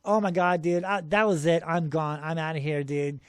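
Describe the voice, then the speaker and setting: High-voiced excitable man telling a story. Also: normal speed, clear, resonant tone, no room sound, clean studio sound. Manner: excitable, laughs often, says "dude" a lot. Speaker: show host telling his own encounters. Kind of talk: casual spoken storytelling.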